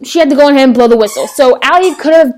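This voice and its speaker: A young woman, chatting casually to her laptop webcam at home, rambling excitedly with lots of fillers and restarts. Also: sits high, rapid-fire. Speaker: vlogger reviewing a TV episode. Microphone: laptop webcam microphone.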